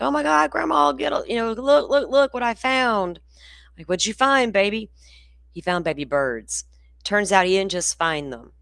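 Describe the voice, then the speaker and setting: A woman's voice: sits low, fairly bright tone, no room sound, studio quality. A grandmother chatting folksily with her livestream viewers from home. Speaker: true crime channel host. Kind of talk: casual livestream chat. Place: indoors at home in the country.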